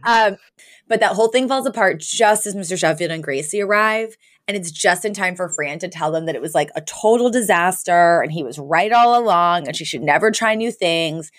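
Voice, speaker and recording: A woman's voice: lowish voice, normal speed, no room sound, clean studio sound. A woman co-hosting a podcast, casually retelling a sitcom episode and acting out the characters' lines. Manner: animated storytelling, acts out characters' lines with laughs. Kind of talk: casual chat.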